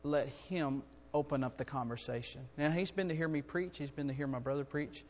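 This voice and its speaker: A middle-aged man preaching a sermon in a church, earnest and building to loud, urgent storytelling. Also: fairly high pitch, fairly quick, slight background noise. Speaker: guest preacher. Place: church sanctuary. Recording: long hall reverb.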